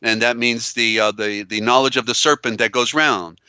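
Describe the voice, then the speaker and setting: A man's voice: mid-range voice, fairly even intonation, normal speed, pushed and bright, clear, resonant tone, dry recording. A man hosting a live call-in show. He talks emphatically and repeats himself, with many fillers and restarts. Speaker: host. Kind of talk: live call-in show, reading viewer comments.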